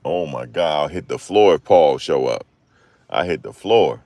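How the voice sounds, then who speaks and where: A man tells casual stories in a very low, deep voice, slipping into acted-out quotes and slang. He is recorded close on a desk microphone with a dry, dead sound. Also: animated, moderate pace, darkish tone, no echo. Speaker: channel host. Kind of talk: casual storytelling commentary.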